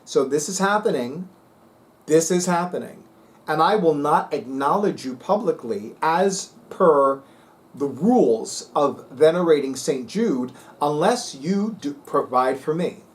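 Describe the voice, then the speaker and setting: A man's voice: fairly high pitch, expressive, unhurried. A man talking casually to viewers as a vlog host, sassy, emphatic and dramatic. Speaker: spiritual video host.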